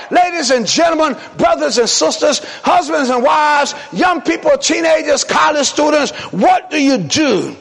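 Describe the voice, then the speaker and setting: A male pastor preaching a sermon in a church, shouting in repeated call-and-response phrases. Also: very high-pitched, expressive, measured pace, creaky, few pauses, some chatter behind.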